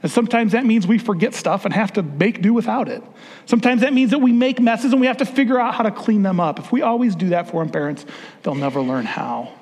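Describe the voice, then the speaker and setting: A man's voice: high-pitched, quick pace, a little mellow. A man giving an earnest, conversational talk to fathers, sermon style, with frequent restarts. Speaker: speaker addressing fathers. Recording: long hall reverb.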